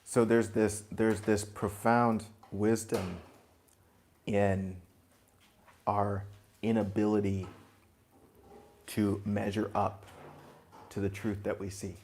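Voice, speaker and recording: A man giving a spiritual talk to a group, gentle and reflective, chuckling now and then and dropping in blunt asides. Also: fairly low pitch, little pitch movement, slow, pauses often, slight background noise. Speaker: spiritual teacher.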